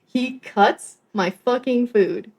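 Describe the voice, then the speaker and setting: A woman's voice: fairly high pitch, slow pace, darkish tone. A young woman in her twenties, a podcast co-host, telling a first-date story in casual chat. She laughs often and acts out the quotes.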